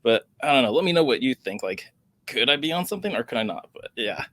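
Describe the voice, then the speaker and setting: A man's voice: mid-range voice, sing-song, fast talker, a bit bright. A man hosting a crypto news vlog, reading an article aloud with small stumbles and adding sarcastic, worried commentary. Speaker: crypto channel host.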